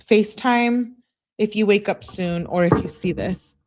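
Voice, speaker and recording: A woman's voice: mid-range voice, measured pace, background noise. A woman hosting a live stream, reading text messages aloud and greeting her viewers between them. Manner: reads texts with "she says" tags, chats with viewers. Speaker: livestream host reading case texts.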